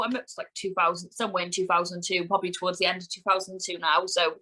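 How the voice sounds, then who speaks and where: A woman's voice: fairly low pitch, little pitch movement, fast talker, pushed and bright, low-quality recording. A woman in her thirties from Wales, a wrestler chatting casually as a podcast guest, rambling with lots of "like". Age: 30s. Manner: chatty, rambling, heavy use of "like".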